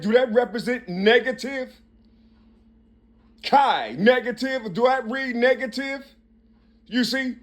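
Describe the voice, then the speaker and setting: A man with a notably high voice talks in a rambling monologue he records himself. He works through numbers and letters aloud, repeating himself and asking "you see?" over and over. His delivery is halting and full of restarts. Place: Cincinnati, Ohio.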